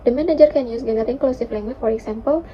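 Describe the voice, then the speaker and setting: A young woman, a university student, reading a class presentation with careful, steady delivery and occasional fillers. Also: a little high, racing, a little hiss or hum. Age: young adult. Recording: dull lo-fi recording.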